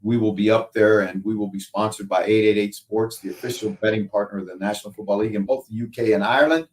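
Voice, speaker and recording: A male show host telling lively stories in casual chat, often tagging lines with "right?". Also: fairly low pitch, quick pace, recorded from a distance. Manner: animated storyteller, frequent "right?". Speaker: show host, football analyst.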